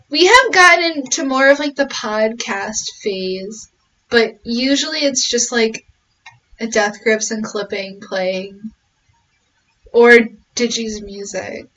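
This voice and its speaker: A young woman streaming casually, chatty and giggly, with a weak voice that tires fast, talking into a phone. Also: on the high side, pushed and bright, poor audio. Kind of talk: casual chat on a live stream. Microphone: phone used as webcam.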